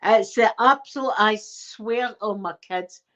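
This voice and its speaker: A Scottish woman casually telling childhood stories to a live chat in an animated, emphatic way. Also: mid-range voice, slow pace. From Scotland. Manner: animated, emphatic, repeats herself. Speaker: channel host.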